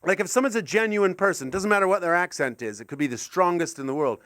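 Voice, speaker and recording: A middle-aged man performing a rambling stand-up set, excitable and sweary, with sudden yelps. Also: high-pitched, fast talker, no room sound, studio quality. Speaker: stand-up comedian.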